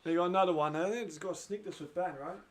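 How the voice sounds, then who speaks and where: A man hosting a football watch-along, commenting live with excitement, frequent swearing and laughter. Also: high-pitched, rapid-fire.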